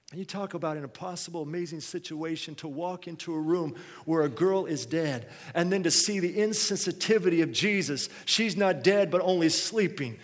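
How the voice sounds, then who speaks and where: Pastor, high voice, preaching soft then loud, big echoey church. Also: male voice, moderate pace, hardly any pauses. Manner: preaching with swings between quiet and loud. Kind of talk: sermon.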